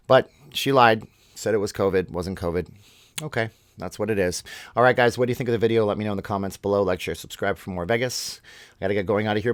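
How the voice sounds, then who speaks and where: A male vlog host delivers opinionated commentary, ranting as he goes and restarting his words. His voice sits on the low side. The recording is dry and close, with no room echo.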